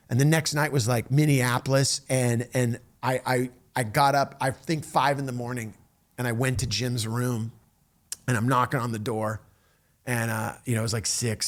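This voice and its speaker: A middle-aged man telling a story in a casual, animated way, with many restarts and acted-out quotes. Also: mid-range voice. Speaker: storyteller recounting a tour.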